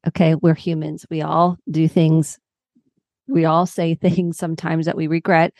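A woman's voice: fairly low pitch, a little mellow, no room sound, clean studio sound. A middle-aged woman psychotherapist explaining coping steps as a podcast guest, walking through everyday examples. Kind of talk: podcast interview.

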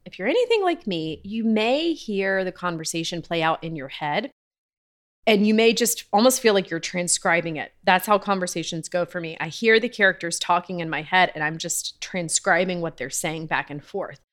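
A woman's voice: fairly low pitch, lively intonation, normal speed, fairly bright tone. A woman podcast host and writing coach giving casual, upbeat tips, often laughing at herself. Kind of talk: casual teaching talk.

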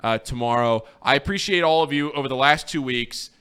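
Calling a race play-by-play on a casual sports radio show, this man speaks fairly quickly in a smooth mid-range voice with a sharp tone. When he reflects on his time there, he becomes earnest and sincere.

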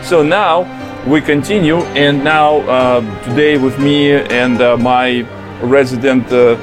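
A man with a Russian accent hosting a casual podcast chat from a booth at a conference, talking haltingly with many fillers. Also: mid-range voice, steady tone, music in the background. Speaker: podcast host.

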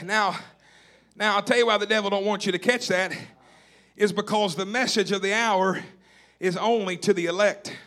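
A man's voice: high voice, fairly even intonation, moderate pace, fairly bright tone. A man from Tennessee, preaching a sermon with emphatic, repeated calls to the congregation. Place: church or camp meeting hall.

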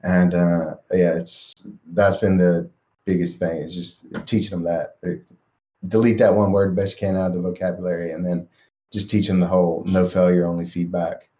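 Deep voiced dad guy, life coach, earnest and chill. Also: level tone, normal speed. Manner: earnest, reflective, soft-spoken asides. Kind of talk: casual interview.

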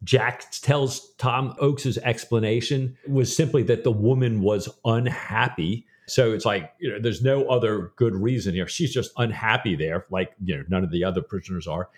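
A man's voice: mid-range voice, normal speed. A man co-hosting a podcast who retells a book's plot casually, with a lot of fillers. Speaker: podcast co-host. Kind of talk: casual book discussion.

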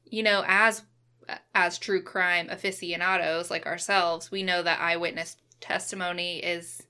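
Bright-voiced, unhurried woman co-host. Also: lowish voice, level tone, smooth. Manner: conversational, thinks aloud. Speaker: podcast co-host. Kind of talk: casual chat.

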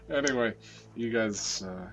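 A man talks slowly and rambles through a casual recorded comment. He giggles and pokes fun at himself as he goes. Music plays clearly behind him. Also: lowish voice. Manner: rambling, giggly, self-mocking. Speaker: listener sending a recorded comment.

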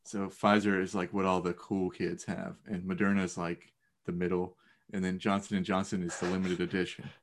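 A young man co-hosting a casual podcast, making dry, deadpan jokes. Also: deep voice, brisk, slight background noise. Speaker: podcast co-host. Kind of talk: casual chat.

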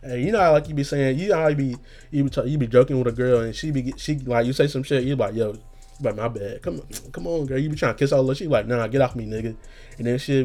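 A man hosting a casual solo podcast rant, rambling and profane, in a self-described monotone, with faint music behind him. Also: medium pitch. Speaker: podcast host.

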